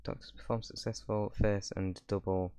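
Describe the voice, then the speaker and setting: A man's voice: lowish voice, flat delivery, moderate pace, warm tone, clear, resonant tone. A young man hosting his channel, giving rambling casual reaction commentary with sarcastic asides. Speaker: YouTuber host.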